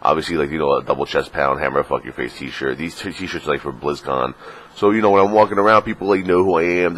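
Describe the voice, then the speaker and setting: Deep-voiced man in a crude casual vlog. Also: quick pace, a bit bright. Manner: crude, joking, full of fillers, slips into mocking put-on voices. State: sniffly, just woke up. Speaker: vlogger.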